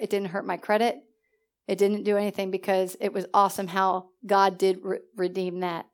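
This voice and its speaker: A woman minister telling a personal testimony in church, storytelling with acted-out dialogue and frequent laughter. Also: medium pitch. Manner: lively storytelling, acts out dialogue, laughs often. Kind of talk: testimony sermon.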